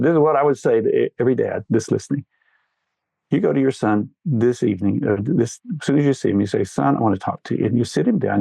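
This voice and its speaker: A man's voice: mid-range voice, gravelly, mellow, husky, no room sound. A middle-aged man talking earnestly in an interview, telling stories in a fatherly way. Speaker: guest. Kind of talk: candid interview talk.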